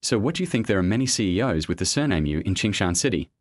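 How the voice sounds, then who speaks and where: A man's voice: fairly low pitch, big pitch swings, quick pace, dry recording, studio quality. A man voicing a fierce young woman executive who speaks coldly and threateningly in a storybook reading. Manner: cold, threatening delivery. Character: fierce young woman CEO, cold and sharp-tongued.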